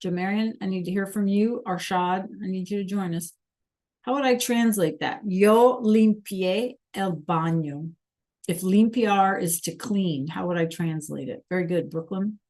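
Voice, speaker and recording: A woman's voice: medium pitch, moderate pace, a little mellow. A woman teaching a live online Spanish class, patiently coaxing students and repeating verb endings.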